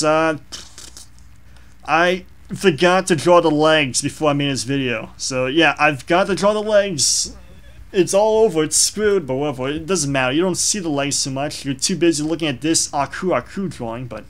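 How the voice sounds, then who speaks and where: A man's voice: medium pitch, fairly bright tone. Rambling young man critiquing his drawing. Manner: rambling and self-deprecating, many fillers. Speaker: drawing vlogger. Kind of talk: casual commentary over a drawing.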